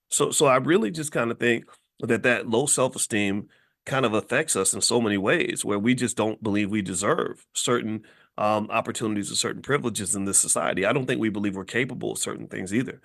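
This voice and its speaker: A man's voice: lowish voice, brisk, gravelly, fairly bright tone. A middle-aged man from Kentucky giving a blunt, lecturing casual monologue as a commentator host. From Louisville, Kentucky.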